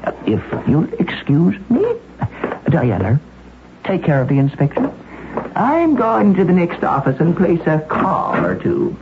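A shrewd, self-assured police chief in an old-time radio drama, talking in a breezy, folksy way. His pitch swings widely. The old broadcast sounds thin and phone-like, with a faint hiss. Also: big pitch swings, unhurried. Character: confident, shrewd Boston police chief, middle-aged man.

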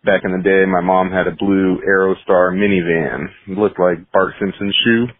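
A man's voice: sits low, steady tone, normal speed, dry recording. A man from San Diego calling in to share a casual story about his mother. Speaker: caller. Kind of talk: phoned-in message. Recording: tinny, husky phone line.

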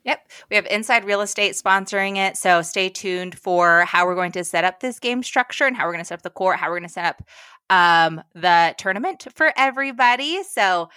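A woman's voice: mid-range voice, fairly quick, bright, forceful tone, clear, resonant tone, no echo, studio quality. A woman talking as a guest on a podcast, upbeat and chatty, with frequent filler sounds. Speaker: events director, podcast guest. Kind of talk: casual podcast conversation.

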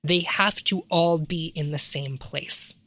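A woman's voice: sits low, slow, fairly bright tone, no echo. A woman talking through an idea in an academic way, asking rhetorical questions as she explains. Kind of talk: casual analytical discussion.

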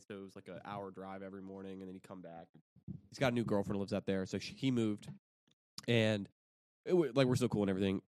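A young man with a fairly low voice tells stories in a loose, rambling way, starting over mid-sentence and swearing freely. The sound is dry and close, with no room echo. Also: dark tone, clean tone. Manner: rambling storytelling with restarts and swearing. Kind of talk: casual chat.

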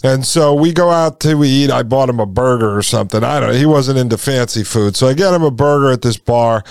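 A man's voice: medium pitch, brisk, clean tone, no room sound, clean studio sound. A man in his forties hosting a podcast, telling a personal story in a rambling, folksy way and speaking to listeners as folks. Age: 40s. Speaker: podcast host. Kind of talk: casual storytelling monologue.

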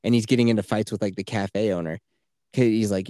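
A man's voice: on the low side, fairly even intonation, fast talker, dark tone, no room sound, clean studio sound. A man co-hosting a podcast, telling stories in a loose, profane way and slipping into quoted voices. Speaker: podcast co-host. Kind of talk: casual chat.

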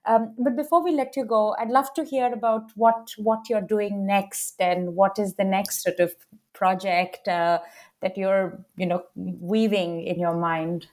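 A woman's voice: medium pitch, fairly even intonation, unhurried, darkish tone. A woman interviewing a guest, speaking casually with fillers like "sort of" and "like". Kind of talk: interview questions.

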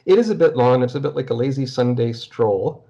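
A man's voice: medium pitch, lively intonation, fairly quick, dark tone. A man hosting a podcast who chats casually about films, rambling and often restarting his sentences. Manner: rambling, self-interrupting, chatty. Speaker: podcast host. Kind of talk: casual chat. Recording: dull lo-fi recording.

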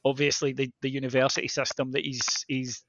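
A man's voice: mid-range voice, a little fast, background noise. A man, co-hosting a football podcast in casual chat, animatedly retelling what players and managers said. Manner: animated storytelling, acts out quotes. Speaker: podcast co-host, football journalist. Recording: dry, slightly dull podcast mic.

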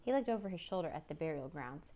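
A woman reading a children's chapter book aloud in a steady, measured way. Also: deep voice. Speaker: narrator. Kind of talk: storybook read-aloud.

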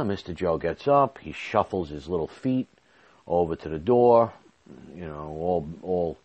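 A man's voice: low-pitched, a little mellow, muffled recording. A man hosting his own podcast, talking candidly and rambling with restarts, a little out of breath. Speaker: podcast host. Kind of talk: personal podcast monologue.

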